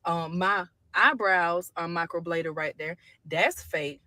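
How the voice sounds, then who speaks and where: A woman's voice: fairly low pitch, takes it slowly, pushed and bright, no echo, studio quality. A woman ranting in a selfie phone video, blunt, profane and defiant, talking straight at her viewers. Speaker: social media poster. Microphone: phone with camera filter.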